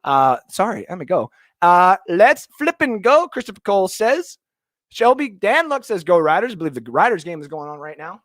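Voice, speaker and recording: Excitable young man hosting a livestream. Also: high voice, moderate pace, dry recording, studio quality. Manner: rambling, excitable, jokey. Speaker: livestream host. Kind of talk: casual live-stream chat reading comments. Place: home basement.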